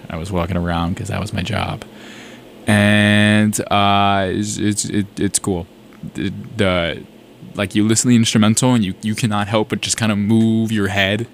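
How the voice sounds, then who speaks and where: Low-voiced young man from South Carolina. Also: a little hiss or hum. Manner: rambling, self-correcting, enthusiastic. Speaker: college radio DJ. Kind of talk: casual radio chat.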